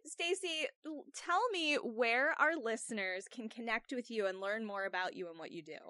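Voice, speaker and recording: A woman's voice: on the high side, normal speed, pushed and bright, no room sound, studio quality. A woman hosting a podcast interview, chatting casually and encouraging her guest with frequent affirmations. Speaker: podcast host.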